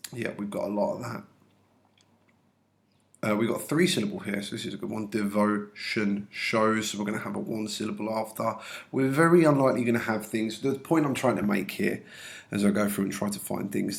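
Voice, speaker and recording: A man teaching a lesson, calmly walking through examples step by step for his students. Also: on the low side, creaky. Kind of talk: classroom lesson explanation.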